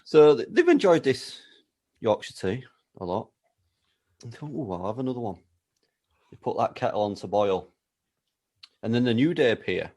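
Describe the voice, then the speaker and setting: A man co-hosting a podcast, building an absurd story with a deadpan, playful delivery. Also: mid-range voice, normal speed, pauses often. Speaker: podcast co-host. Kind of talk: comedic storytelling chat.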